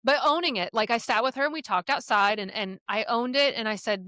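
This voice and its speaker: A middle-aged woman speaking as a podcast guest, telling her own parenting stories candidly, with blunt language and lively acted-out quotes. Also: fairly high pitch, fairly quick, no echo, studio quality. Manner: frank, profane, animated retelling of quotes. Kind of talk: candid conversational storytelling.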